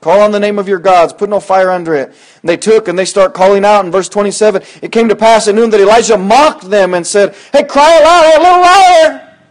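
Man preaching with big swings in loudness. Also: fairly even intonation, brisk. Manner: swings between loud preaching and low, quiet asides. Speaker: pastor. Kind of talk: sermon.

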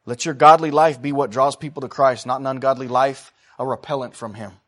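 A man preaching a sermon. He swings between loud, fervent exhortation and quiet, chatty storytelling, and he calls out to the congregation for responses. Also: medium pitch, fairly even intonation, brisk.

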